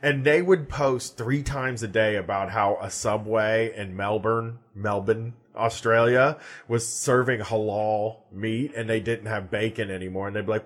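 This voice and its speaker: A man's voice: medium pitch, expressive, measured pace, few pauses, fairly bright tone. A man hosting a casual comedic talk show who laughs often and rambles. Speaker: radio talk show host.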